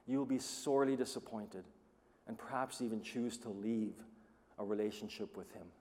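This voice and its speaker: A man preaching a sermon who tells stories with animated, acted-out quoted voices. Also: medium pitch, in a large hall. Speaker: pastor.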